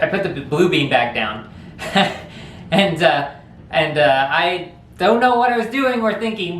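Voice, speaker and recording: A man's voice: fairly high pitch, a bit bright, echoey room. A man telling a funny childhood story in a rambling, casual way, laughing often. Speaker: vlog host.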